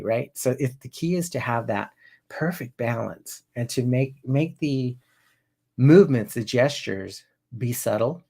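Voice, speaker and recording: Gravelly, husky man teaching casually. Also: mid-range voice, lively intonation, a little slow, mellow. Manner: rambling, with frequent restarts and tag questions. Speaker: NLP coach. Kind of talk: informal teaching talk.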